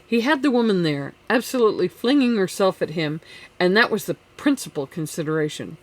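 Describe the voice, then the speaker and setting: With a mid-range voice, an audiobook narrator tells a classic novel in an even, measured manner.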